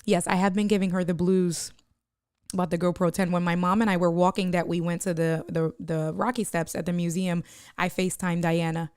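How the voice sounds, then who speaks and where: A woman's voice: lowish voice, little pitch movement, brisk, darkish tone, smooth, no echo, studio quality. A woman live-streaming, chatting casually and joking with her viewers as she reads their comments.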